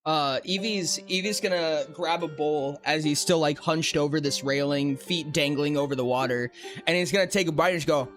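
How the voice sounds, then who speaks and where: A man's voice: a little high, normal speed, fairly bright tone, faint music behind. A man playing a tabletop role-playing game, joking around and narrating his character's actions. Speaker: player. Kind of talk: casual tabletop role-play chat.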